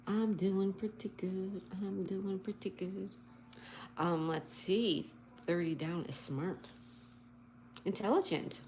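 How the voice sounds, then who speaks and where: Taking things slowly, a female livestream host with a mid-range, darkish voice spells out words letter by letter in good cheer. She reads viewer comments aloud during the casual stream, and slight background noise is present.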